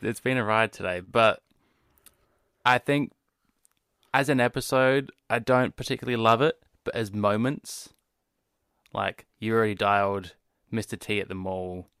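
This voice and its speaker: A man's voice: fairly low pitch, steady tone, a little slow, long pauses, a bit bright, smooth, dry recording. A man co-hosting a podcast in casual chat, talking in a dry, matter-of-fact way. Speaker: podcast co-host.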